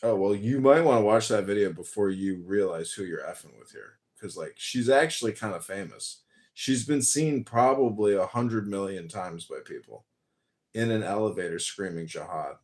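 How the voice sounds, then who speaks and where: A man's voice: on the low side, animated, normal speed, darkish tone. A man hosting a casual chat, blunt and profane, who rambles through a long anecdote.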